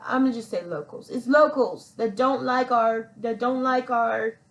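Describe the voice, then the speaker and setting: A woman hosts her own podcast and tells a casual personal story. Her voice sits a little high and carries a gravelly fry. She talks in a loose, rambling way, backtracking and calling herself "your girl". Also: a little slow, rough recording. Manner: rambling, chatty, self-referring as "your girl". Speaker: podcast host.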